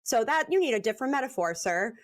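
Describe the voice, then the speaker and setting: A high-voiced woman speaks on a casual online panel. She is quick and joking and keeps pressing with pointed questions. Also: animated. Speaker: panel guest. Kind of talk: casual livestream panel chat.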